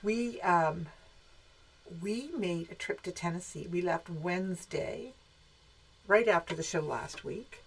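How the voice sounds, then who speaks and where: A woman's voice: lowish voice, slow pace, vocal fry, breathy edge, low-quality recording. A woman co-hosting a live show, chatting casually and greeting viewers by name. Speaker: co-host of a quilt shop live show. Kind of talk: casual live-stream chat.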